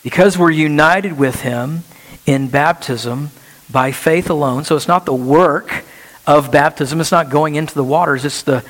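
Male pastor, higher-pitched, energetic sermon delivery, long reverb from a church hall. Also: unhurried. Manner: animated preaching with rhetorical questions. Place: church sanctuary.

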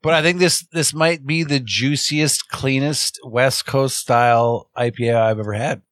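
A man's voice: medium pitch, fairly even intonation, measured pace, fairly bright tone, no room sound, clean studio sound. A man hosting a casual beer-tasting chat, talking with enthusiasm and rambling a little. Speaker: podcast host.

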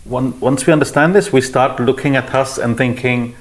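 A man leading a spiritual discussion, explaining calmly with repeated phrases. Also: medium pitch, normal speed, hardly any pauses, rough recording. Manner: calm, explanatory, repetitive phrasing. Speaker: spiritual teacher. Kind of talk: teaching discussion.

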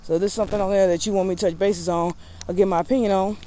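A woman's voice: mid-range voice, steady tone, rapid-fire, dark tone. A woman vlogger in casual talk to camera, candid and rambling with a sassy edge.

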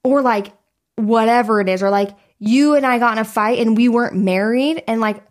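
A woman's voice: fairly high pitch, moderate pace. A woman co-hosting a podcast, talking frankly and candidly in casual chat, with free swearing. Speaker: podcast co-host.

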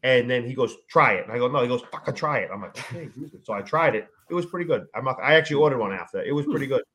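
A young man, co-hosting a casual podcast and telling loud, swearing stories full of shouted quotes. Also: mid-range voice, rapid-fire. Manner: animated storyteller, swears, shouts when quoting his dad. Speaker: podcast co-host. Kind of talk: casual chat.

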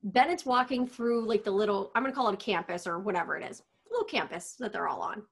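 A young woman co-hosting a casual chat podcast, blunt and animated as she tells stories. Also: medium pitch, quick pace, vocal fry, slightly rough. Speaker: podcast co-host.

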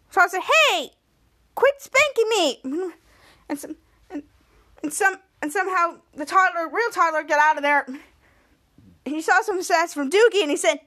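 Podcast host, woman, high-pitched and bright, animated episode recap. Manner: animated retelling with many restarts, acting out the lines.

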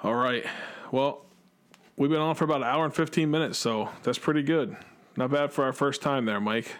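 A man hosting a podcast, rambling and joking in a relaxed way. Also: medium pitch, normal speed, clean tone. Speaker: podcast host. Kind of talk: casual chat.

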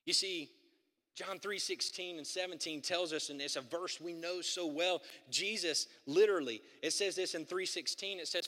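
Male pastor, high bright tone, earnest sermon with rising repetition, long church reverb. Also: moderate pace. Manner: earnest, building to emphatic repetition. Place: church sanctuary.

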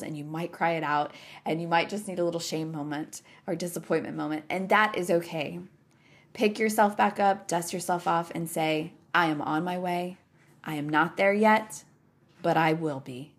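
A woman hosting a podcast, talking openly to listeners in an earnest, personal motivational style, repeating phrases for emphasis. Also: on the low side. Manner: addresses listeners as y'all. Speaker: podcast host.

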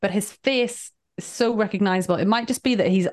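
A woman co-hosting a podcast, chatting casually about movies and reacting with quick laughs. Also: mid-range voice, a little mellow. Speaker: podcast co-host.

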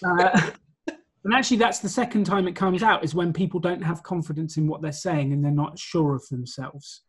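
A man's voice: fairly high pitch, moderate pace, husky. A man being interviewed about his work as a presentation coach, explaining his points in a confident, orderly way. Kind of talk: conversational interview.

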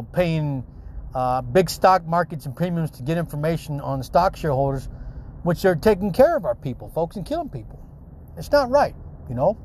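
A middle-aged man rants straight to his viewers, swearing often and circling back on his own words. His voice sits a little higher than most men's. The delivery is loose and unscripted, with many stops and restarts. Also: darkish tone. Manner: profane, rambling, heated rant with many restarts. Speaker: former radiology technician vlogger. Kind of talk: rambling monologue to camera.

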